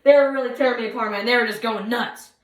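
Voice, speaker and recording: A young woman performing a comic monologue at a speech contest, animated and swinging from loud bursts to hushed asides. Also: a little high, quick pace. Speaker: speech competitor. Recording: roomy echo.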